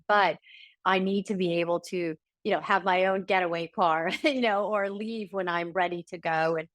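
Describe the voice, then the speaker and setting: A middle-aged woman speaking as a guest in an interview, talking earnestly and haltingly with many fillers. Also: mid-range voice, no room sound. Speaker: guest, recovery advocate. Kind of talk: conversational interview.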